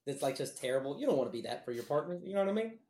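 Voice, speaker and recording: Casual guy, cursing freely, lively and laughing, roomy sound. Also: on the high side, racing, slight background noise. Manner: animated, profane, laughs often. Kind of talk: casual crude chat.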